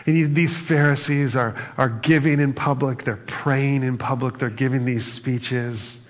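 A man's voice: medium pitch, steady tone, unhurried. Guy giving a sermon, chatty and funny, echoey hall, kinda muffled. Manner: conversational, acts out quoted lines with bursts of humor. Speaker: pastor. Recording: reverberant hall, dull sound.

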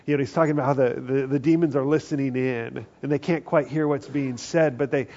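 A man preaching a conversational sermon, acting out quoted voices and often dropping to a hushed tone. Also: mid-range voice, steady tone, a little fast. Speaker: pastor. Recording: dull lo-fi sound.

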